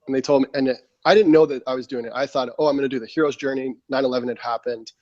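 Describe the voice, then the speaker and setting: Guesting on a podcast, a military veteran in his thirties animatedly recounts a long story in casual conversation, acting out his own lines and using plenty of fillers. He speaks very fast in a mid-range voice. The slightly muffled, dry studio mic picks up no echo.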